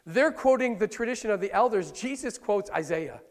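A male pastor preaching a sermon in a lively, conversational way, often questioning his listeners. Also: sits high, fairly quick, hardly any pauses, long reverb tail.

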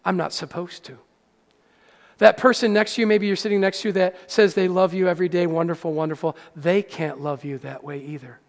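A man preaching a sermon as pastor, swinging from hushed to loud and calling out to the congregation. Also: high voice, fairly even intonation, brisk, creaky. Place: church hall. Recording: echoey hall.

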